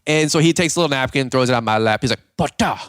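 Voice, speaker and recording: A young man hosting a podcast, telling a funny story in a casual, animated way and acting out the voices of the people in it. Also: mid-range voice, very fast, clean tone, dry recording, studio quality. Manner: animated, jokey, acts out quoted voices. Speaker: podcast host.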